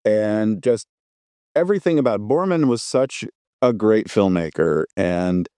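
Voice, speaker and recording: A man's voice: lowish voice, animated, measured pace, warm tone, clear, resonant tone, no room sound. A man chatting on a film podcast, thoughtful, trailing off and restarting as he recalls things. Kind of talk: casual film podcast chat.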